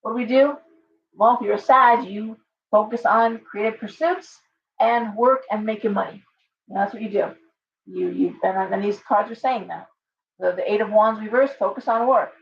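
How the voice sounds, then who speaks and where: A woman's voice: medium pitch, moderate pace, creaky, far from the mic. A middle-aged woman giving a casual, rambling tarot reading on a live stream, full of fillers and restarts. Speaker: tarot reader. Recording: muffled audio from away from the mic.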